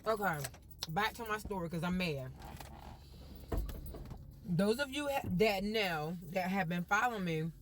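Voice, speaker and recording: A woman's voice: on the low side, a bit bright. A woman live-streaming from a car on her phone, chatting casually with her viewers in a folksy, upbeat way. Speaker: vlogger.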